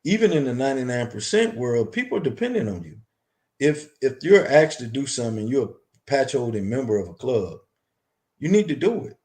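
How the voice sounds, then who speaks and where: A man, a longtime club member, speaking as a guest in a casual interview, measured and halting with frequent restarts. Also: medium pitch, very animated, a little mellow.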